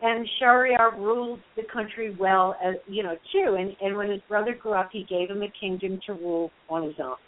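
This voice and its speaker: A woman's voice: medium pitch, fairly even intonation, normal speed, hardly any pauses. Woman telling a tale over a tinny line. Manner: retells a tale with fillers and asides, acting out the quoted voices. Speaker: Jungian storyteller. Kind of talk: casual oral storytelling. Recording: dry, tinny phone-like sound.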